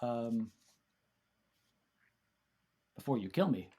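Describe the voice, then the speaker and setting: A man's voice: medium pitch, animated, drawn-out words, slightly rough. Man reminiscing in a rambling chat. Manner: rambling, warm storytelling with many restarts and fillers. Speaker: podcast guest.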